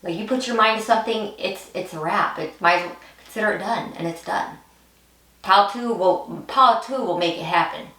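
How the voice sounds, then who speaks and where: A woman talks through a pick-a-card tarot reading in a loose, intuitive flow, often breaking off and starting her thought again. Her voice sits at an ordinary middle pitch for a woman. The room rings around her, and she sounds set back from the microphone. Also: a little fast, sharp tone, reverberant, far from the mic. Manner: rambling, intuitive, many restarts. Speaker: tarot reader.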